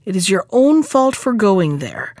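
A woman voicing a selfish, boastful male half-chick from a storybook, curt and scornful, turning shrill when he begs. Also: very animated, unhurried, darkish tone, no room sound, clean studio sound.

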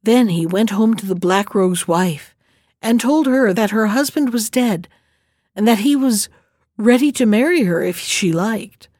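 A woman narrating a storybook tale in a steady, measured way. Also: medium pitch, no room sound, clean studio sound. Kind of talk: storybook reading.

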